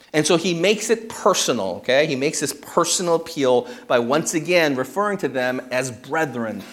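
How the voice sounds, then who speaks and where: Male pastor, a touch high in pitch, steady teaching-sermon delivery that checks in with the room. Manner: checks in with the congregation with frequent "okay?". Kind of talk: expository sermon.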